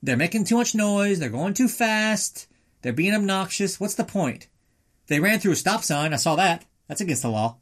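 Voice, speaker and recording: A man doing a high cranky old grouch. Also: lively intonation, normal speed, a bit bright. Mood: indignant. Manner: fussy, indignant grumbling.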